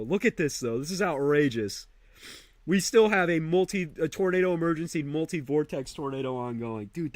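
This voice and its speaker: Male stream host, higher pitch, dry close sound, emotional and profane commentary. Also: dry recording. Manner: emotional, profane, repeats himself. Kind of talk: live storm coverage commentary.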